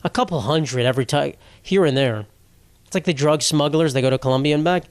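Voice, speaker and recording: A young man with a higher-pitched voice hosts a solo podcast, brisk and dry-sounding. His comedic monologue is casual and profane, rambling through stories and often interrupting himself.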